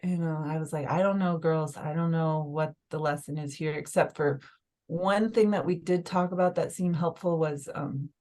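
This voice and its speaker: A woman's voice: sits low, steady tone, moderate pace, dark tone. A woman telling a personal story as a podcast guest in casual conversation, emotional and full of "like" fillers. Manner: emotional, filler-heavy, lots of "like".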